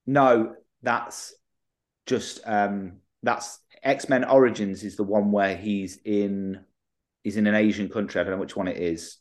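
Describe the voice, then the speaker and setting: A man's voice: lowish voice, steady tone, a little slow. A young adult man co-hosting a podcast, rambling and hesitant, trailing off mid-thought. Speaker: podcast co-host. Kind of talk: casual chat.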